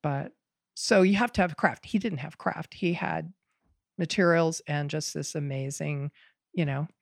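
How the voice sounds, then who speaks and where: A woman in casual podcast conversation, talking in an animated, rambling way with frequent laughs and restarts. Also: sits low, a little slow, gravelly, dry recording, clean studio sound. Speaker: podcast guest, bonsai student.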